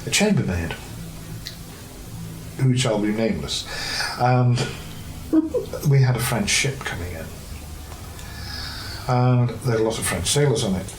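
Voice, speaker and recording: A man's voice: on the low side, animated, measured pace, pauses often. A man recounting a funny memory from his hotel work in an oral-history interview, chuckling as he tells it. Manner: amused storytelling, laughing. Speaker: former hotel worker. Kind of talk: archive oral-history anecdote. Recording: echoey room with faint background noise.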